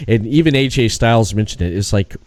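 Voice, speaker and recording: A man's voice: lowish voice, brisk, a little mellow, no echo. A man hosting a podcast, telling rambling anecdotes full of restarts in a casual chat. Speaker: podcast host.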